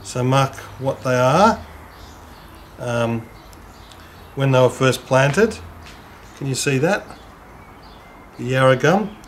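A man talks through a gardening task at a relaxed, chatty pace, his voice sitting at an ordinary middle pitch. He speaks gently and informally, chatting to the camera person as he works at the bench. Faint noise hangs in the background. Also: takes it slowly, long pauses. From Australia. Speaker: home gardener demonstrating seedling transplanting. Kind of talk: casual how-to demonstration with some scripted narration.

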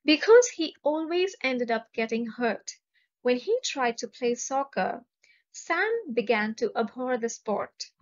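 A woman's voice: on the high side, very animated, takes it slowly. A woman with an Indian English accent teaching vocabulary, carefully pronouncing each word and reading example sentences. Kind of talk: slow, deliberate vocabulary lesson. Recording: dull lo-fi recording.

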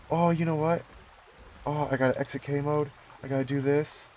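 A man giving casual commentary on his own gameplay, excitable and prone to bursts of delight. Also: a little high, normal speed, slight background noise. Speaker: gaming YouTuber.

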